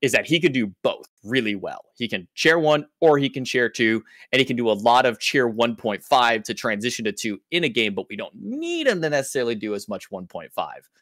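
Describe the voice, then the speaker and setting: A man's voice: mid-range voice, big pitch swings, brisk, few pauses, fairly bright tone, no room sound, studio quality. A man who works as an esports caster, explaining things in loose casual podcast talk with lots of filler words.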